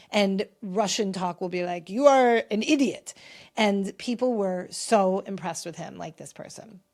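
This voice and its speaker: Chatty opinionated woman podcast host. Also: mid-range voice. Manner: chatty, opinionated, shifts loudness a lot. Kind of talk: casual pop culture commentary.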